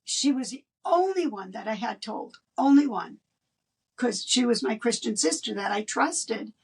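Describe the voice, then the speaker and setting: An older woman, a guest in an interview, telling a personal story in an animated way and laughing between lines. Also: a little high, measured pace, husky, distant mic.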